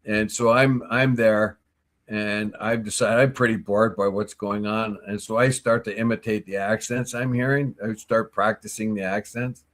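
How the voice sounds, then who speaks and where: A man co-hosting a morning talk show, telling stories and giving opinions in a casual, animated way. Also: fairly low pitch, moderate pace. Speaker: co-host. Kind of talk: casual chat.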